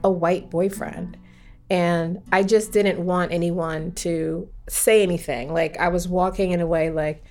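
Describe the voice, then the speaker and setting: Woman, lowish voice, candid storyteller, emphatic and animated, soft guitar underneath. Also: a little slow. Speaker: partner sharing a personal story. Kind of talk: casual conversation.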